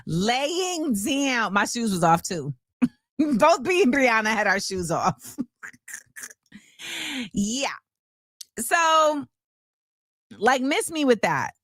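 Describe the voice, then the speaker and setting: A woman hosting a casual commentary show, animated and chatty with lots of fillers. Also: a little high, slow pace, pauses often, no room sound, clean studio sound. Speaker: show host.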